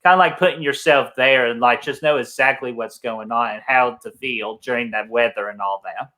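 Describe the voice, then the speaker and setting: A man's voice: medium pitch, moderate pace, sharp tone. A man co-hosting a casual movie review chat, earnest, with many fillers. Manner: earnest, filler-heavy talk with many likes and ums.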